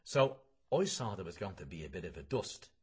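A man's voice: low voice, sing-song, brisk, a little mellow, slightly rough. A man reading a novel aloud in a colloquial, gossipy storytelling manner. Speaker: reader.

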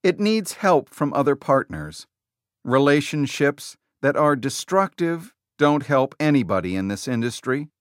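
A male audiobook narrator quoting a confident tech executive giving a keynote, in a deliberate, emphatic, slower delivery. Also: mid-range voice, very animated, dry recording, studio quality. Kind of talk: quoted speech within audiobook narration.

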